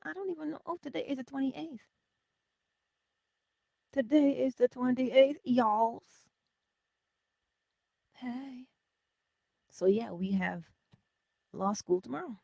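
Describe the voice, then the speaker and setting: A breathy woman hosts a casual morning inspiration talk, her pitch swinging widely as she chats. She laughs often and slips into soft whispers to stress a point, recorded close and dry. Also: no echo. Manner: animated, laughs often, drops to whispers for emphasis. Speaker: host of a morning inspiration livestream. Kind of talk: casual spiritual pep talk.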